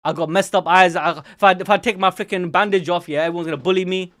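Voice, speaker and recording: A man's voice: sits high, steady tone, fast talker, a bit bright. A man voicing the inner thoughts of a lonely, bullied young man, bitter and self-pitying, as he complains to himself.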